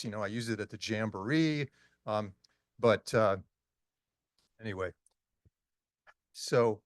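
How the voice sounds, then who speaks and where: A man's voice: mid-range voice, fairly bright tone, dry recording, studio quality. A man in his sixties giving a casual, story-driven presentation to an audience, with frequent ums and uhs. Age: 60s. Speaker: conference speaker. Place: meeting hall talk.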